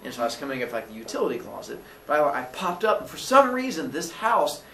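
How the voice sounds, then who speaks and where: A man's voice: on the high side, sing-song, fast talker, bright, forceful tone, roomy sound, distant mic, slight background noise. A man telling a comic story about his own childhood, acting out the voices of those in it with squeals and laughter.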